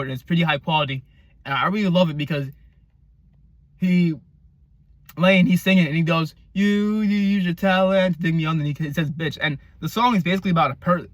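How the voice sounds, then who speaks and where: A man giving a casual album review, rambling and excitable, with lots of fillers and the odd swear. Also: fairly high pitch, no echo. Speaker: music reviewer.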